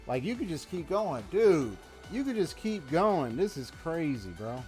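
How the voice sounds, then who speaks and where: A man giving casual live commentary on a game, excitable and slangy, sometimes reading tutorial text aloud. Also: a little high, a little slow, soft background music. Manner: excitable, slangy, says bro and dude. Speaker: gaming streamer.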